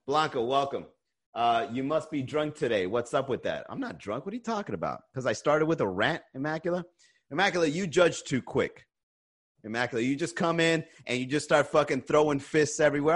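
A man's voice: medium pitch, lively intonation, a little fast. A man hosting a live-streamed comedy podcast, chatting loosely with viewers, swearing and ranting between laughs. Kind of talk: casual chat reading viewer comments.

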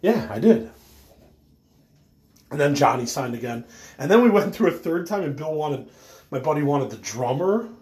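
A man's voice: fairly high pitch, very animated, normal speed, pauses often, a little mellow. A man telling a rambling story about collecting autographs, full of fillers and swearing, who says he is stoned.

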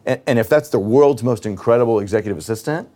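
A man's voice: medium pitch, fast talker, warm tone. A man in his thirties, a business cofounder, talking candidly and reflectively, often hesitating as he retells conversations. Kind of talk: candid conversation in a therapy session.

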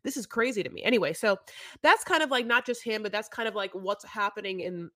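A woman's voice: medium pitch, fast talker, sharp tone, no echo. A woman in casual podcast chat thinks aloud, rambling and restarting her sentences. Her voice sits in a middle range and the sound is dry and close. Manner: rambling, many fillers and restarts. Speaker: podcast co-host.

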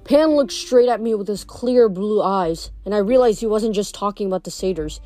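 A woman reading a novel aloud in a steady, plain narrating voice. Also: medium pitch, normal speed, few pauses, dry recording, soft background music. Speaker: reader.

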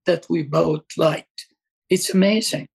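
An older man being interviewed, talking haltingly and with feeling about his work partner. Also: on the high side, steady tone, vocal fry, a little mellow, breathy edge. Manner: hesitant, halting, emotional. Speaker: fashion designer, guest. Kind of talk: casual interview chat.

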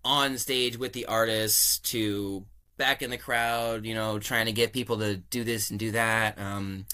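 Young male guest, bright voice; animated, chatty anecdote teller who acts out dialogue. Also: fairly low pitch, unhurried, clean tone. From California. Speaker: podcast guest. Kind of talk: casual storytelling interview.

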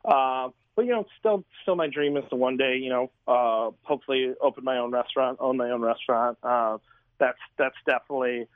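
A man's voice: mid-range voice, dry recording. An easygoing man chef calls into a podcast, stumbling through many fillers. His voice comes over a tinny, phone-like line, dry and close. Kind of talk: casual interview answers.

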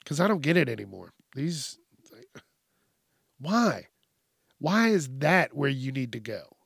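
A man's voice: medium pitch, sing-song, slow, creaky, a bit bright, slightly rough, dry recording, clean studio sound. A man hosting his own podcast, ranting in a blunt, profane, rambling way. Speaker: podcast host. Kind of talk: casual monologue.

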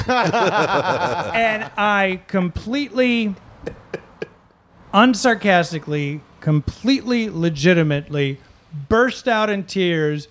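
A man from Wisconsin, a podcast guest, telling rambling, animated stories in casual chat and laughing easily. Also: sits high, slow pace, long pauses. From Wisconsin, USA.

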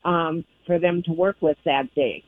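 A woman's voice: low voice, fairly even intonation, unhurried, no room sound. A woman calling in to a radio show by phone, explaining a youth dog program steadily with many ums. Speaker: phone-in guest from a dog breeders' group. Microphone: telephone. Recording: tinny phone line.

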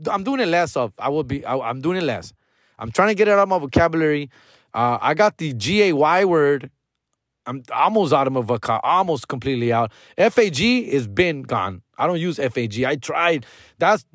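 A man's voice: on the high side, no room sound, studio quality. A man, a stand-up comedian hosting his podcast, telling a story in loose, profane slang and calling listeners fool and dog. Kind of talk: casual storytelling monologue.

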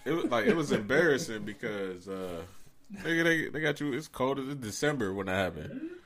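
A man's voice: medium pitch, animated, moderate pace, a bit bright. A man chatting casually with a friend, laid-back, laughing along and telling his own short story. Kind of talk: casual chat.

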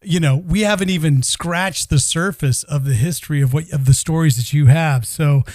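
A man's voice: fairly high pitch, normal speed, darkish tone, dry recording. A man hosting a podcast interview, enthusiastic and talking to his listeners as folks. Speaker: podcast host. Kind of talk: casual interview chat.

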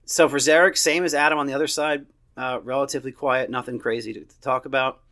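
A soccer podcast host in his thirties reviews a match solo, blunt and opinionated, swearing casually like he's chatting from his couch. His pitch is mid-range for a man, and his steady, bright voice moves fast and sounds pushed.

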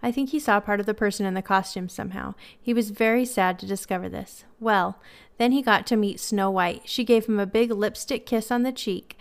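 A woman's voice: medium pitch, a little fast, gravelly. A woman hosting a podcast, reading listener stories aloud in a casual chat with frequent laughs. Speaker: podcast host.

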